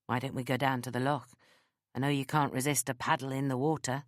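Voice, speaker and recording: A woman's voice: extremely low pitch, little pitch movement, fairly quick, dry recording. A woman reading the lines of a confident man who teases with a dry, playful manner, in an audiobook. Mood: teasing. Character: teasing confident man, a marine best man.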